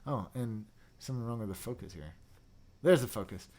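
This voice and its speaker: A young man hosting a casual livestream, chatty and excitable, reading viewer comments and dropping into mumbled asides. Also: mid-range voice, a little fast. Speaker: livestream host reviewing keyboards.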